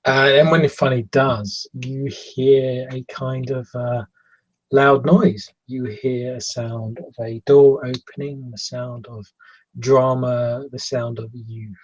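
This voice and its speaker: A man narrating as game master in a tabletop role-playing game, halting and searching for words. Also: medium pitch, level tone, poor audio.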